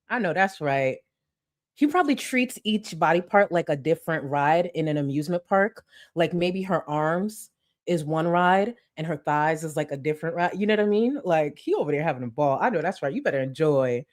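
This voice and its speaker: A woman's voice: low-pitched, animated, moderate pace, no room sound, clean studio sound. A woman streaming live, reacting to clips with casual commentary, joking asides, mock-dramatic rants and plenty of swearing.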